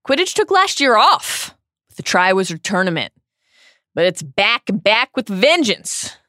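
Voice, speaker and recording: A woman co-hosting a podcast, reading a wry, animated scripted recap of a book with quick asides. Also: medium pitch, dry recording, clean studio sound. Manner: animated, wry storytelling with laughs. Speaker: podcast co-host.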